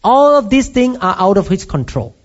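A man with a Thai accent delivers an emphatic sermon as a pastor, his voice sitting notably high for a man. He presses his congregation with rhetorical questions. The recording sounds dull and lo-fi. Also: very animated, moderate pace. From Thailand.

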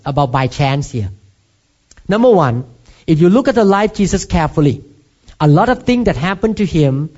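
A man with a Thai accent delivers an emphatic sermon as a pastor, his voice sitting notably high for a man. He presses his congregation with rhetorical questions. The recording sounds dull and lo-fi. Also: dark tone. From Thailand.

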